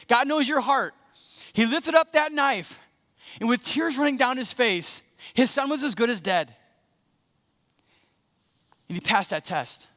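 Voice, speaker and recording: A man preaching a sermon as a pastor, conversational and animated, acting out scenes as he goes. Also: very high voice. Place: church sanctuary. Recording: echoey church hall.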